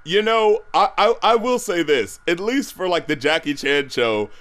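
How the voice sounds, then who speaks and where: Excitable high-voiced podcast guy. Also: moderate pace. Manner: excitable, laughs often, acts out quotes. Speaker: podcast co-host. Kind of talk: casual chat.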